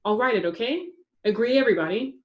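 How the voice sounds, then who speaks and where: A woman's voice: fairly high pitch, expressive, fast, highs cut off, pitched above the performer's own voice, lightly acted. A woman doing a dry, organized schoolgirl. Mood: businesslike.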